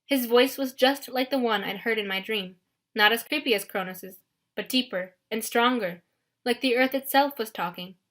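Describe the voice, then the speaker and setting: Brief: expressive woman reading an audiobook, bright and crisp. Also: fairly high pitch. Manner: expressive first-person storytelling. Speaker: audiobook narrator. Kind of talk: scripted audiobook narration.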